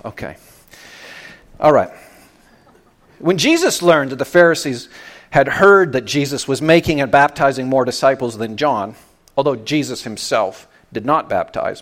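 A man from Canada, a pastor giving a conversational sermon, often restarting his phrases as he explains. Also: normal speed. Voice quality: deep voice.

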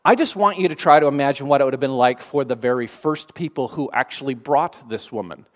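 A man's voice: medium pitch, fairly quick. A man preaching a sermon in a conversational way, with dry sarcastic asides.

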